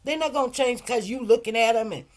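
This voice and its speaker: A woman's voice: a little high, fast talker. A middle-aged woman hosting a casual livestream, telling stories and preaching in an emphatic, heartfelt way. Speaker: livestream host.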